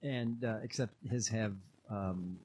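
A man's voice: lowish voice, slow, darkish tone, slight background noise. A man co-hosting a podcast, introducing clips in casual chat with many hesitations. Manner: hesitant, full of fillers. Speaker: podcast co-host.

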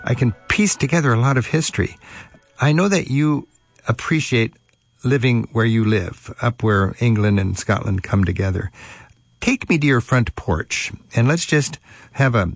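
A man hosting a radio travel show, interviewing a guest in an eager, halting way with many fillers. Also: medium pitch, lively intonation, creaky, no room sound.

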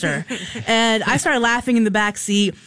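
A woman's voice: a little high, normal speed, fairly bright tone, no room sound. A woman co-hosting a radio show, telling a story in casual chat and laughing often. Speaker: radio co-host.

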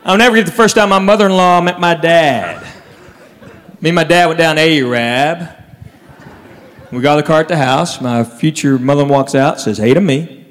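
A man's voice: a little high, normal speed, a bit bright. A man telling stand-up comedy stories to a live audience. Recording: hall reverb with faint crowd.

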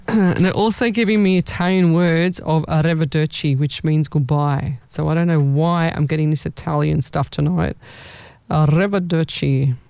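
A woman's voice: low-pitched, mellow, clean tone, no room sound. A woman hosting a live-stream as a psychic medium, chatty and rambling, often repeating her words. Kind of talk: live-stream readings for viewers.

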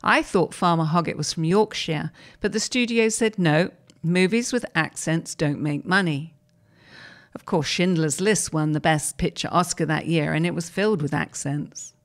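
A woman hosting a program, reading a first-person interview article aloud in a measured storytelling manner. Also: sits low.

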